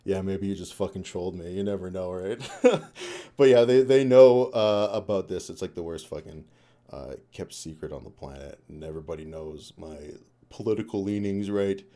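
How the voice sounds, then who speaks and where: Low, dark-voiced man rambling casually. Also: normal speed. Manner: rambling, swears a lot, laughs often. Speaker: live streamer. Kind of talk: casual live-stream chat. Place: home room.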